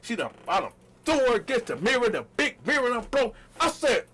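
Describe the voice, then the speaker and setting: A man telling a story casually to his viewers, talking straight to them and acting out the quoted lines loudly. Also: very high-pitched, very animated, brisk, breathy edge. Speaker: storytelling vlogger.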